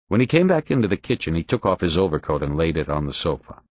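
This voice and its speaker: Deep-voiced man narrating an audiobook. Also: sing-song, quick pace, few pauses, dry recording. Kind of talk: audiobook narration of a crime novel.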